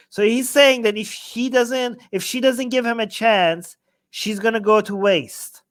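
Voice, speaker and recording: Man, fairly high voice, casual reaction commentary, animated, exclaiming, mimicking quoted lines. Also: unhurried. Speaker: commentator translating a video.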